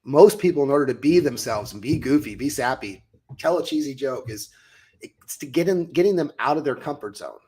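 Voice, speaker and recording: Late-thirties American man, coach and host, animated storyteller. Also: medium pitch, fairly quick. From United States. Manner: animated, acts out his own past lines. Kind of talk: casual storytelling chat.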